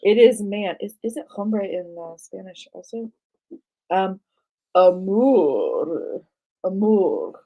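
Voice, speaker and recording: A woman's voice: medium pitch, fairly even intonation, a little slow, muffled recording. A woman hosting a live art tour for kids, playfully quizzing a child on words and laughing often. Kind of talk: live-stream lesson for kids.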